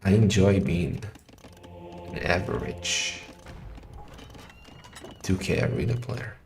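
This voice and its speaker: A man casting a live strategy game match in a chatty style that rises to excited shouting in fights. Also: low-pitched, slow, gravelly, slight background noise. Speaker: game caster. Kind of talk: live esports commentary. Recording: roomy echo with faint music.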